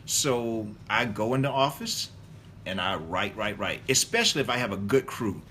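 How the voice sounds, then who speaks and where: A man's voice: on the low side, expressive, moderate pace, bright, forceful tone, a little hiss or hum. A middle-aged man, an author, answering interview questions in a loose, rambling way with many fillers and restarts.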